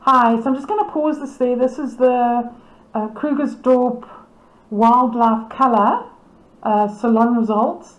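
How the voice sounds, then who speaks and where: A woman's voice: a little high, steady tone, measured pace, reverberant, poor audio. A woman, casually commenting on club photos as she reads out titles and names, amused and laughing often. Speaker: camera club presenter.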